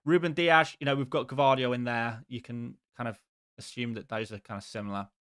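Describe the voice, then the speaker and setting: A man's voice: medium pitch, fairly even intonation, a little fast, a bit bright, no echo, clean studio sound. A man hosting a live stream who chats casually with his viewers in a rambling, exasperated and self-mocking way.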